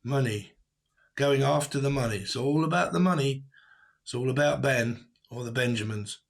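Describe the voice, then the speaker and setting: A man's voice: medium pitch, moderate pace, creaky. A man giving a casual tarot reading to camera, blunt and rambling, who swears and laughs often. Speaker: tarot reader.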